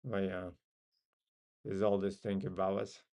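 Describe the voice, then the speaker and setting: A man's voice: low-pitched, little pitch movement, a little slow, warm tone. A man with a non-native English accent hosts a casual live trading stream. He muses and thinks aloud with frequent ums. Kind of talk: casual live market commentary.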